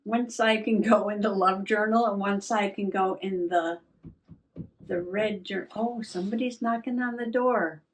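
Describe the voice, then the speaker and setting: A woman hosting a relaxed, chatty journaling vlog at her craft table, musing aloud with soft laughs. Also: mid-range voice, a little slow. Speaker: journaling vlogger. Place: home craft table indoors. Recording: voice a little distant from mic.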